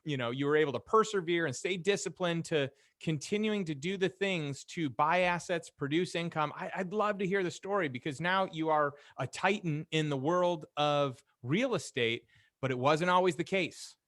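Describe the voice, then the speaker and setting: A man's voice: on the high side, moderate pace, fairly bright tone, no room sound, studio quality. Enthusiastic male podcast host. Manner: enthusiastic, complimentary. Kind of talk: conversational interview.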